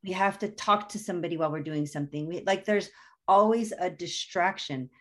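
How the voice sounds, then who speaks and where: Earnest low-voiced woman sharing personal stories. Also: brisk, fairly bright tone. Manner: earnest, reflective, personal storytelling. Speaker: guest author. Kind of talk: conversational interview.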